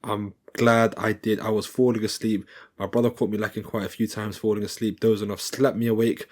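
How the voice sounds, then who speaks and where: Husky young man doing casual fight recaps. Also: fairly low pitch, level tone, a little fast. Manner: loose, jokey, rambling, slangy.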